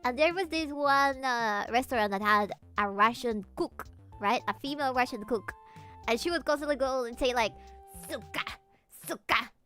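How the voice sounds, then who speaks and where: A woman's voice: high-pitched, moderate pace, sharp tone, faint music behind. A woman from Latin America chatting casually while streaming a game, rambling and swearing freely as she goes. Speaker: VTuber streamer.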